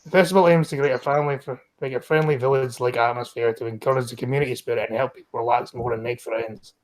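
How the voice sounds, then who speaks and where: Fast, blunt Scottish man. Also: mid-range voice, fairly even intonation. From Scotland. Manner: blunt, profane, mocking. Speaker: stream host reading news. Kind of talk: news reading with commentary.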